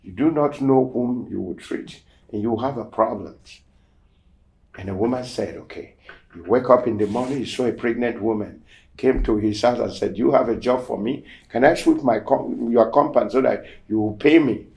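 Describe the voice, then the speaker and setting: A man hosting a show, casually telling a testimony story and acting out the quoted dialogue, swinging between loud emphasis and near-whispered asides. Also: mid-range voice, moderate pace, creaky. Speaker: show host.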